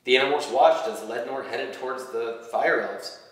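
A man reading his own fan fiction story aloud, with animated storytelling. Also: mid-range voice, moderate pace. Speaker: reader. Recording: echoey hall from far off.

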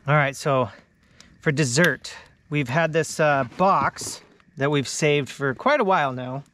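Man in his thirties, casual family vlog chat, laid-back, chuckling, slightly higher voice, faint background hiss. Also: unhurried, a bit bright. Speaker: vlogger, father. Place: inside a large tent.

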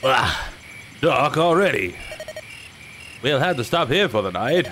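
A man reading as a polite young lord from a fantasy game, earnest and easily flustered. He speaks slowly with a lively rise and fall, over game music. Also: mid-range voice, slight background noise, heavily acted. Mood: calm.

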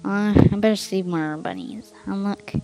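A woman casually commenting on her own gameplay, swinging from hushed mutters to loud excited outbursts. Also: medium pitch, normal speed. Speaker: gameplay narrator.

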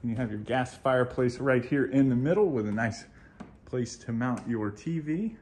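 A man's voice: medium pitch, moderate pace, a little mellow, slight background noise. A man hosting a home tour video, walking around a model house and gushing over its features in a chatty, upbeat way. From United States. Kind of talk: enthusiastic home tour walkthrough.

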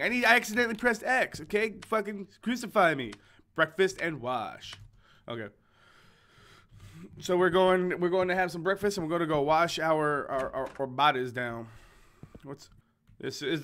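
A man's voice: a little high, normal speed, bright, forceful tone. A young man commentating a video game he plays, joking and rambling with stammered restarts, reading its text aloud. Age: young adult. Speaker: gaming video host.

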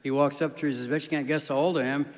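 A comedian from South Dakota telling deadpan jokes on stage, slipping into quick character voices. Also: male voice, fairly high pitch. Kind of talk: stand-up jokes on stage, then interview. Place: large concert hall stage. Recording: reverberant hall.

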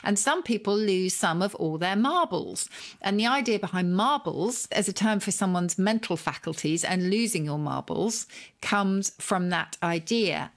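A woman co-hosting a podcast who explains things in a thoughtful, careful way. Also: mid-range voice. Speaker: podcast co-host. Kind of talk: casual chat.

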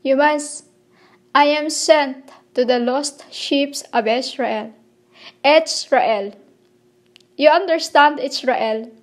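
High-voiced woman, slow halting spiritual monologue. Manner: halting, fragmented phrasing, pleading with listeners. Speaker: self-proclaimed spiritual messenger.

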